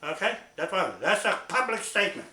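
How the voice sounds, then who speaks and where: A man's voice: sits high, sing-song, fast, bright, forceful tone, roomy sound. A man delivering an angry, confrontational public statement, swearing and repeatedly asking "right?". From New Zealand. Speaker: land claimant making a public statement.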